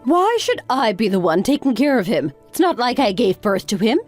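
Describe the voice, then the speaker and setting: A woman's voice: on the high side, sing-song, moderate pace. A woman playing a spiteful older mother-in-law. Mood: scornful. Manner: sarcastic, scolding. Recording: faint background music.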